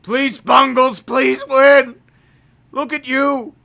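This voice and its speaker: A man with a very high, piercing voice calls football play by play on his own stream. He is profane and excitable and breaks into shouts on big plays. He is recorded from a little distance. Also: slow, vocal fry. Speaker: livestream commentator. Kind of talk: amateur play-by-play commentary.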